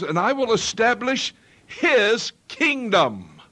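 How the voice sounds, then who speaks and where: A man's voice: on the high side, expressive, slow pace, sharp tone. A man preaching a sermon with an emphatic rising and falling cadence, often asking the congregation questions.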